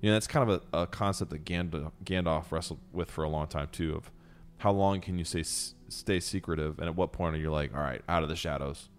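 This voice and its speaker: A man co-hosting a casual book podcast, chiming in with quick jokes and quips. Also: sits low, steady tone, soft background music. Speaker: podcast co-host. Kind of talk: casual book discussion with read-aloud passages.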